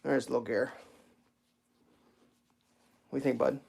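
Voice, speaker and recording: A man's voice: medium pitch, flat delivery, normal speed, vocal fry, darkish tone, a little hiss or hum. A man hosting a casual home livestream, telling rambling stories and talking to his cat. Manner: rambling storyteller, stammers on restarts; baby talk with his cat. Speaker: livestream host. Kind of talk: casual chat.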